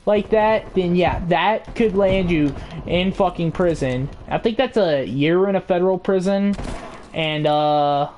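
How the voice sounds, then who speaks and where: A woman's voice: fairly low pitch, unhurried, a little mellow. A woman casually telling a rambling, filler-heavy story while playing a video game. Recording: game noise with gunfire behind.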